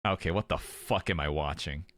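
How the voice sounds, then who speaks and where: A man's voice: rumbling low, moderate pace, a bit bright, no room sound, clean studio sound. A young man streaming, chatting casually and reacting to a show as he watches, swearing freely and exclaiming at the screen.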